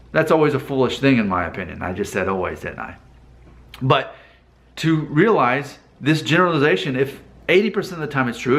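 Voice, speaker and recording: A man speaks straight to the camera in a relaxed vlog, working through his thoughts out loud. He asks himself rhetorical questions and often restarts his sentences. His voice sits at an ordinary middle pitch. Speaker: vlogger. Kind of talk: casual talking-head commentary.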